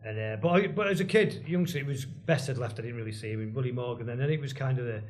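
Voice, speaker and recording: A man's voice: medium pitch, fast, a little hiss or hum. A man, a guest telling rambling stories full of restarts and asides in casual chat. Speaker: guest, former band drummer.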